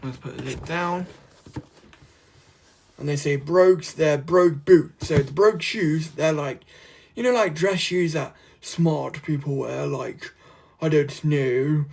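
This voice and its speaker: A man from the UK chatting casually through an unboxing vlog, rambling and easily excited. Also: fairly high pitch, slow pace, creaky. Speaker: vlogger.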